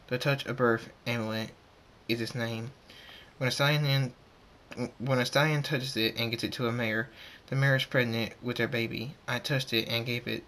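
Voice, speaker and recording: A man as a gentle, soft-hearted stallion. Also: mid-range voice, slight background noise, close to an everyday voice.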